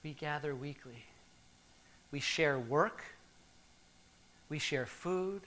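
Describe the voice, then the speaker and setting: A man in his fifties preaching a sermon, reflective and measured with pauses. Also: fairly high pitch, pushed and bright. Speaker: pastor.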